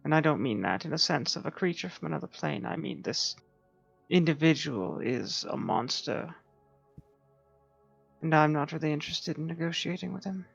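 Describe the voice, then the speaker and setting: Tabletop player, in character, calm and measured, gravelly voice, dull lo-fi mic. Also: mid-range voice, dry recording, soft background music. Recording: dull lo-fi microphone.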